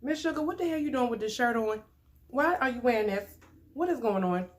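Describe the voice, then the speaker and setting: A woman hosts an eating vlog, chatty and playful. Her voice sits a little high, and she laughs easily between bites. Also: animated, fairly quick. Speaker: mukbang vlogger. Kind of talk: casual chat while eating.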